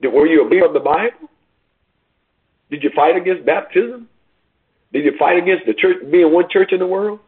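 A man's voice: high-pitched, a little fast, long pauses, breathy edge. A man preaching a sermon, repeating himself and building to rising, urgent questions. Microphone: phone call line. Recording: tinny phone line.

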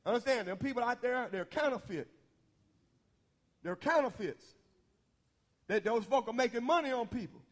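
A middle-aged man preaching a sermon, folksy and quick to laugh, often asking the congregation questions. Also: very high voice, animated.

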